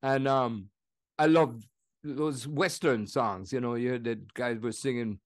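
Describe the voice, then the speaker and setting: A lively guest musician in his seventies with a Jamaican accent tells stories in a conversational interview. His voice is medium in pitch and measured in pace, and he's animated, laughing, and slipping into impressions.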